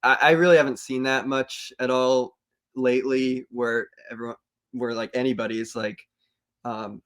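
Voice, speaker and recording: A man guesting on a podcast talks loosely about touring, filling his sentences with "like" and "um". His pitch sits in the middle of the range for men. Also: little pitch movement, normal speed, fairly bright tone. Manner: loose, hedging with many fillers. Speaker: band member, podcast guest. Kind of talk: casual chat.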